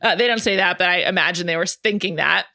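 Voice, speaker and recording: A woman's voice: on the low side, quick pace, vocal fry, bright, forceful tone, no echo, clean studio sound. A woman hosting a podcast in casual chat, enthusiastic and talkative with lots of fillers. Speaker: podcast host.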